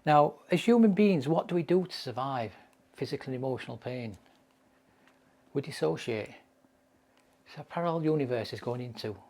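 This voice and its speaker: A man's voice: medium pitch, lively intonation, normal speed, pauses often, dark tone. A man giving a mental health training lecture, telling case stories with emphatic repetition.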